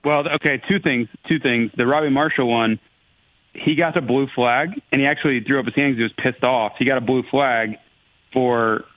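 A man's voice: mid-range voice, fairly even intonation, moderate pace, dry recording. A man co-hosts from afar and calls in over a thin, phone-like line. He is earnest and a bit sheepish as he explains himself. His voice is dry and tinny. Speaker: co-host on a remote line. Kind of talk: casual chat.

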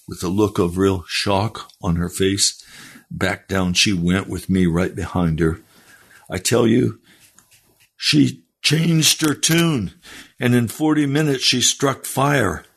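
Male pastor, middle-aged, unhurried pleading sermon delivery, a bit raspy. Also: a bit bright. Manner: earnest, pleading, rises in pitch when exhorting. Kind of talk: sermon with read-aloud testimony.

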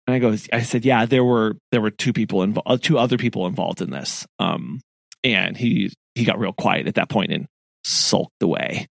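Animated man telling a story. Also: medium pitch, creaky, no echo, studio quality. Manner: animated, laughing often, acts out quoted voices. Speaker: podcast co-host. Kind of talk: casual chat, storytelling.

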